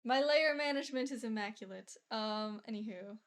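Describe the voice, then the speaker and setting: A woman with a slightly high voice chats on a stream. She drops quiet, offhand remarks while she works. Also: moderate pace. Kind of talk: casual chat on an art stream.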